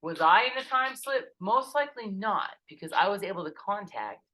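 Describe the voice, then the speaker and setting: A middle-aged woman, a podcast guest telling stories in casual chat, animated and profane, acting out quotes, recorded outdoors in a backyard. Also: mid-range voice, moderate pace, poor audio.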